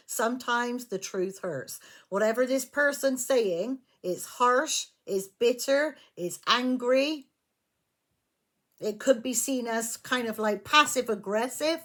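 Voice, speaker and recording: A woman's voice: on the high side, lively intonation, measured pace, a bit bright. A woman giving a tarot reading, blunt and emphatic, swearing freely as she lays out the cards. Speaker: tarot reader.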